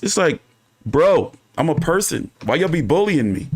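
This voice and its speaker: A man's voice: a little high, moderate pace, slightly rough. A man hosting his own boxing channel, talking casually and ranting with lots of swearing. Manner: profane, animated, ranting. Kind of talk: casual livestream commentary.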